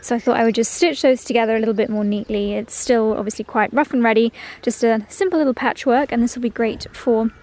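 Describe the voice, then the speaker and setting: A woman's voice: on the high side, steady tone, quick pace, few pauses, darkish tone. A woman chatting upbeat to her viewers in a lifestyle vlog, calling them darlings. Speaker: vlogger. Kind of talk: casual vlog chat. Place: home and garden.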